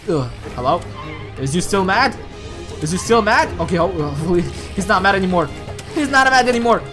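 A woman giving casual let's-play commentary at her computer, excitable and chatty, often chatting to objects in the game. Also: medium pitch. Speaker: gaming channel host.

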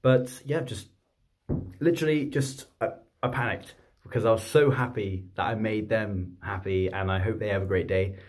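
A man, telling a story to camera in a chatty, rambling, excitable way. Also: fairly low pitch, moderate pace. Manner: chatty, rambling, excitable, with many fillers and restarts. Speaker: vlogger and streamer.

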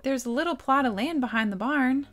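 A woman voicing a shy, earnest young woman from a video game, speaking in a hesitant, halting way. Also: high voice, fairly bright tone, soft background music, pitched above the performer's own voice. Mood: flustered. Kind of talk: reading game dialogue aloud.

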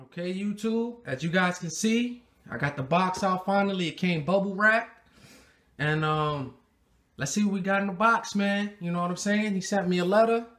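A man hosting a sneaker unboxing vlog, excitable and slangy, talking straight to his viewers. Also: high voice, moderate pace. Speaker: sneaker vlogger.

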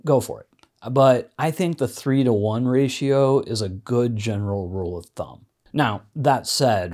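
A man's voice: on the low side, darkish tone. Man giving casual marketing advice. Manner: conversational, practical, with casual fillers. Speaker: indie filmmaker giving marketing tips. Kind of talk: direct-to-camera advice talk.

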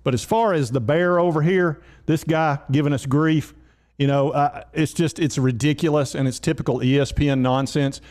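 A man's voice: a little high, fairly even intonation, normal speed, darkish tone. A man, a sports vlogger who rants in a folksy, exasperated way. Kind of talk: casual sports commentary.

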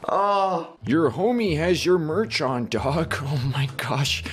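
A young man giving casual commentary as he plays a game, excitable and swinging from loud shouts to quiet muttering. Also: a little high, takes it slowly, husky. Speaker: gaming YouTuber.

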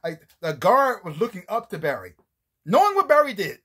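A man's voice: high voice, huge pitch swings, a little fast, bright, forceful tone, breathy edge. A man giving a casual, rambling review of a TV series, often restarting his sentences and acting out scenes as he retells them. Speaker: TV show reviewer.

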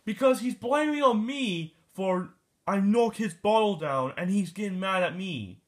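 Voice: mid-range voice, expressive, close to an everyday voice. Someone doing a grumpy, sighing plush shark. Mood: grumbling. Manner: sighing, grumbling, slow. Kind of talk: plush toy puppet video.

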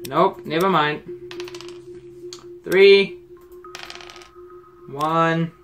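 A gaming channel host giving let's-play commentary at a desk mic, getting frustrated, ranting and yelling at the game. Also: mid-range voice, very slow, faint music behind.

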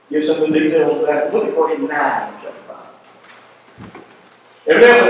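A man teaching a Bible class in a folksy, animated way, often asking the class questions. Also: a little high, roomy sound, poor audio.

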